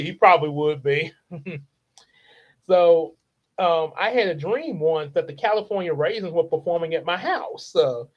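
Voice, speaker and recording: A man's voice: high voice, lo-fi sound. Rambling, laughing man telling a story. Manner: rambling and animated, laughs often, acts out characters. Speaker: channel host. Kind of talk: casual storytelling monologue.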